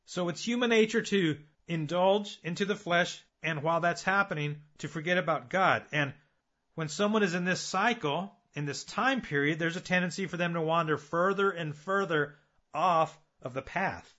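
A man's voice: on the high side, normal speed, sharp tone, dull audio. A man preaching a sermon, earnest and building his points with repeated phrases and rhetorical questions.

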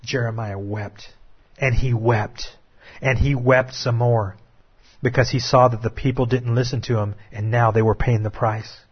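A man delivers a dramatic sermon in a husky voice, dropping to hushed, drawn-out lines before rising to urgent appeals. The recording is dull and lo-fi. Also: mid-range voice, steady tone. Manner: dramatic preaching, swings from hushed to raised. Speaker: preacher.

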